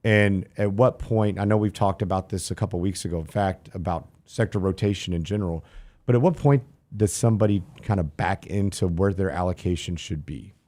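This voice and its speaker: Deep and dark-toned, this man's voice moves a little fast as he co-hosts a finance talk show. His questions ramble, pile up fillers, and come with jokes.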